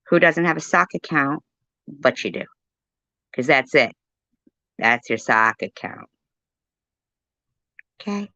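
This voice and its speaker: A furious woman rants on a livestream, hurling profane insults as she reads the chat. Her voice is bright and forceful, and the recording sounds dull and lo-fi. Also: sits low, lively intonation, takes it slowly, pauses often, no echo. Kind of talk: angry livestream rant.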